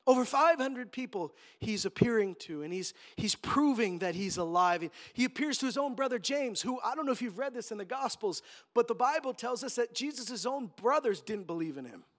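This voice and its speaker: A pastor giving a sermon in a conversational storytelling way that rises to emphatic moments. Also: male voice, very high-pitched, expressive, moderate pace.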